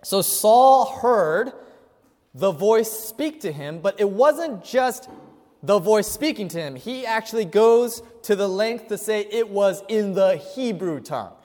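A male pastor with a fairly high voice preaches to his congregation, often putting questions to them. His delivery moves from ringing emphasis down to near-hushed asides. The sound carries a long hall echo from the church. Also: animated, takes it slowly. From Chinese family. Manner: asks the audience questions, swings between loud and hushed. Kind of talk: sermon. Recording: hall reverb.

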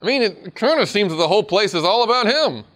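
A man preaching a sermon in an animated, conversational way, often laughing at his own points. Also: high voice, quick pace.

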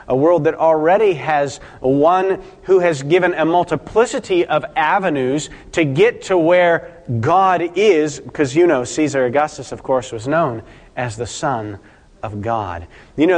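Man preaching a sermon in a reverberant hall. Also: fairly high pitch. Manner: asks the congregation questions and answers them. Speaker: pastor.

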